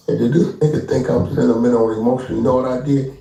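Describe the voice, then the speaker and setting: Man, confrontational street rant, taunting, mellow low voice, roomy and distant, music behind. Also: fairly even intonation, rapid-fire, creaky, few pauses. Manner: taunting, acts out others' lines in mock voices.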